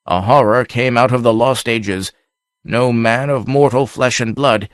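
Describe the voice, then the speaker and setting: A man voicing a brooding, haunted nobleman who speaks slowly and somberly, in an audiobook reading. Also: medium pitch, fairly even intonation, clean tone, dry recording, studio quality, close to an everyday voice. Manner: somber, slow.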